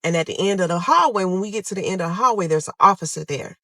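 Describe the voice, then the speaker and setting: Young woman doing a dramatic storytime, talks to y'all, yells her own lines high, dry close sound. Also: animated, quick pace, no room sound. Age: young adult. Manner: dramatic, addresses listeners as y'all, acts out her own pleas loudly. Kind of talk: emotional storytime monologue.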